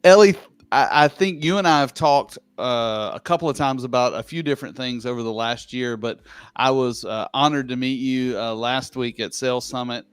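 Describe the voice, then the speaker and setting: A man's voice: mid-range voice, smooth, no room sound. Rambling Southern man hosting live. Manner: rambling, self-deprecating, halting restarts. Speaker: co-host. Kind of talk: casual live show chat.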